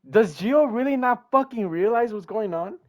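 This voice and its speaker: A heartbroken, shy teenage girl from a game speaks in a soft, subdued way, as a man reads her lines aloud. The delivery is quiet and low-key, with little attempt at a girlish voice. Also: moderate pace, close to an everyday voice. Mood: sad. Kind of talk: reading game dialogue aloud.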